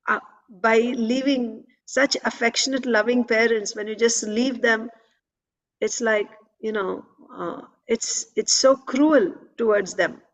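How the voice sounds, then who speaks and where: A woman's voice: mid-range voice, muffled recording. A woman reading and explaining a devotional scripture in a class. She repeats phrases and often checks in with "right?".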